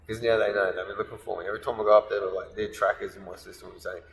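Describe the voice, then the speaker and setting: A man's voice: on the low side, level tone, racing, gravelly, few pauses, a little hiss or hum. A man, rambling through crude stories as a podcast co-host and laughing often. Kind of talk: crude casual chat. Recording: echoey room with long reverb, faint ambience.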